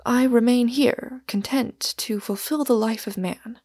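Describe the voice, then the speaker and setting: A woman reading the lines of an elderly French cafe owner in an audiobook, testy but formally polite, with a gravelly edge. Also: a little high, a little slow, warm tone, no room sound, studio quality.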